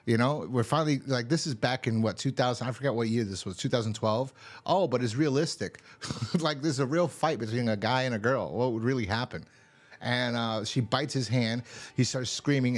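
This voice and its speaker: A man casually recapping a TV episode, rambling and swearing as he acts out the characters' lines. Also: medium pitch. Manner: rambling, profane, acts out quotes. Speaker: TV show reviewer.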